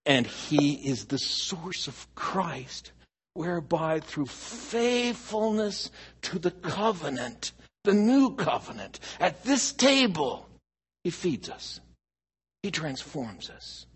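A man preaching a sermon as pastor, animated, swinging from loud emphasis to near hush. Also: fairly high pitch, takes it slowly, slightly rough.

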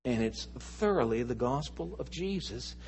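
A man preaching a sermon as pastor, repeating key phrases slowly and dropping from loud emphatic lines to hushed, near-whispered ones. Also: medium pitch, lively intonation, slight background noise.

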